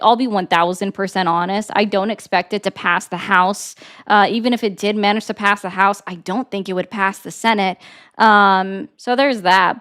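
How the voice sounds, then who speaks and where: A woman's voice: mid-range voice, fairly bright tone, clear, resonant tone. A young woman hosting a political call-in debate, blunt and emphatic as she argues her points. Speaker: host.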